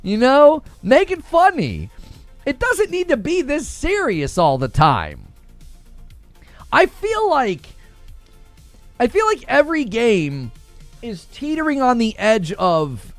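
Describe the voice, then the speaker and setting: A man hosting a gaming livestream, chatting casually and acting out little jokey scenes in quick voices. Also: very high-pitched, huge pitch swings, dry recording, soft background music. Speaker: livestream host reacting to gaming videos.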